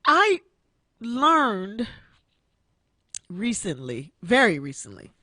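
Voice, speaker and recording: A woman's voice: medium pitch, wildly swooping pitch, extremely slow, bright, forceful tone, no room sound, studio quality. A woman in her sixties hosting an online radio show, giving an emotional personal testimony and repeating her phrases like a preacher. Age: 60s. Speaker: internet radio show host.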